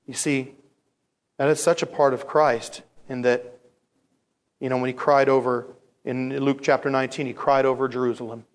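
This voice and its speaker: A male pastor preaching a sermon in an animated storytelling manner, acting out voices and repeating phrases for emphasis. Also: medium pitch, normal speed.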